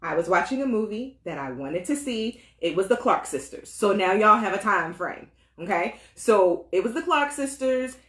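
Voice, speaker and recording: A woman tells her side of a story in a casual chat, her voice lively and leaping up and down in pitch. She talks with insistence and breaks into laughter often. The room around her rings with a roomy echo. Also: moderate pace, hardly any pauses. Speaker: co-host telling a story.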